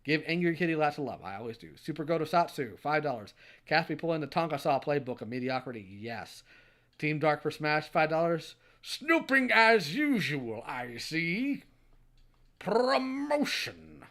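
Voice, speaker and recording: A man's voice: fairly high pitch, brisk. A young adult man hosting a livestream, reading donation messages aloud and answering each with a short, dry quip. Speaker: streamer host.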